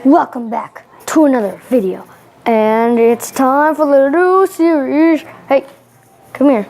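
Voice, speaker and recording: Excitable high-voiced woman filming her puppy. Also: measured pace. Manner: excitable, giggly, breaks into shrieks. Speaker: channel host. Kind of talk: playful pet vlog commentary. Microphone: headset microphone.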